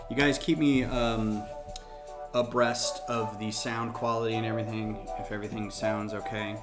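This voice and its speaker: A man's voice: lowish voice, level tone, moderate pace. A man hosting a casual livestream, rambling and thinking aloud while he builds, a little farther from the mic than usual. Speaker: host of a LEGO design livestream. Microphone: desk mic, a bit farther off than usual. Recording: background music under the voice.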